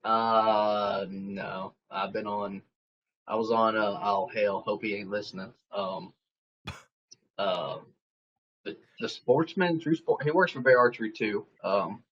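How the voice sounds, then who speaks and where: A man's voice: lowish voice, slow, lo-fi sound. A man from Georgia with a Southern accent, a shop owner joking and chatting casually as a podcast guest. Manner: joking, laughs often, folksy.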